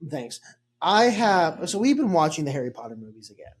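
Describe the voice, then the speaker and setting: A man's voice: on the high side, very animated, brisk. A young man hosting a podcast in casual chat, rambling and joking with lots of fillers. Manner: rambling, jokey, filler-heavy. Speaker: podcast host.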